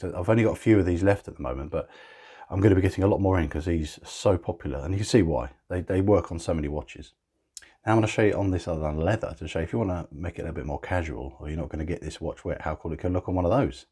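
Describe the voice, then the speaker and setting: A man's voice: low voice, dark tone, breathy edge. A man narrating a casual watch review, chatty and gushing with enthusiasm.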